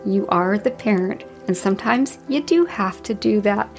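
A woman's voice: medium pitch, animated, moderate pace, soft background music. A woman hosting a podcast, telling stories from her childhood in an earnest, folksy way. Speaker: podcast host. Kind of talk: personal reflective podcast talk.

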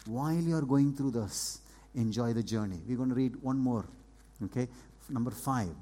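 A man preaching a sermon as a pastor, earnest and repetitive, moving between hushed and raised passages. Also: medium pitch, husky. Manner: earnest preaching, repeats phrases, swings between soft and loud.

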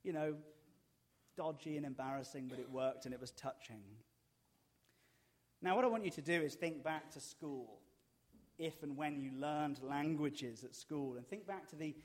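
Male pastor, middle-aged, slightly high voice, dry self-mocking storyteller in a sermon.

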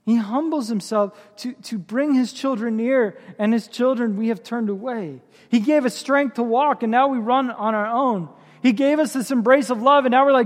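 A man's voice: very high voice, normal speed, long reverb tail. A man preaching a sermon as pastor, with impassioned, building emphasis.

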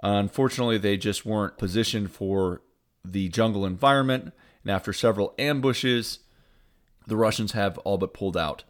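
A man hosting a satirical news roundup in a deadpan, newsreader style with wry asides. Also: lowish voice, normal speed. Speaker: host.

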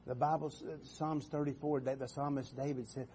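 A man preaching a sermon in a church, halting and repeating words, often calling out for an amen. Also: mid-range voice, little pitch movement, mellow, a little hiss or hum.

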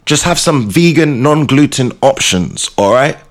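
A man's voice: medium pitch, unhurried. A man hosting his show, telling playful comic stories in a casual monologue. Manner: animated, playful storytelling. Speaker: show host.

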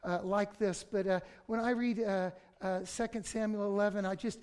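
A middle-aged male pastor preaching a conversational sermon that breaks into sudden loud outbursts. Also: sits high, steady tone, normal speed, smooth.

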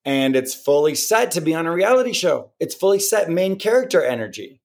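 A man's voice: on the high side, brisk. A man co-hosting a podcast, telling a story in casual chat and acting out what other people said. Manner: animated storyteller who acts out other people's words. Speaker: podcast co-host.

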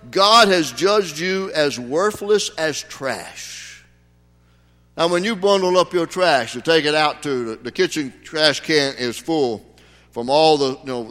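A man's voice: on the high side, a bit bright. A man preaching a sermon as pastor, folksy, with sudden emphatic rises. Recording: long hall reverb.

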